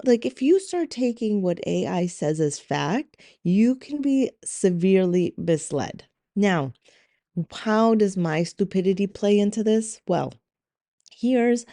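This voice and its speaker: A woman's voice: lowish voice, mellow, no echo, clean studio sound. A middle-aged woman hosting a solo podcast, talking candidly and with exasperation, swearing freely as she vents. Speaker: podcast host. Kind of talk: casual solo podcast monologue.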